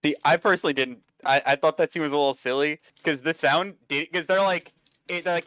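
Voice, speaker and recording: Chill guy on a close podcast mic, smooth clean voice, dry sound, kinda wry. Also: fairly high pitch, fairly even intonation, fast talker, a bit bright, no room sound. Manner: laid-back, wry, filler-heavy. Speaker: podcast co-host. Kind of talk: casual podcast chat.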